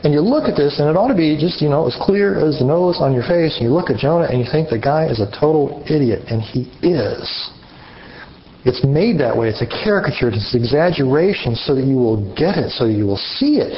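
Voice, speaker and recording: A man preaching an interactive sermon, animated and questioning his audience. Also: on the high side, fairly quick, a little hiss or hum. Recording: muffled lo-fi recording.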